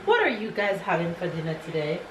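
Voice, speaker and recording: A woman, vlogging at home as a mother who soothes over and over in a soft voice. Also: lowish voice, sing-song, fast talker. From Jamaica. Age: 30s. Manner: soft repetitive soothing of a crying child. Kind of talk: casual home vlog. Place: home kitchen. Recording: echoey room with background noise.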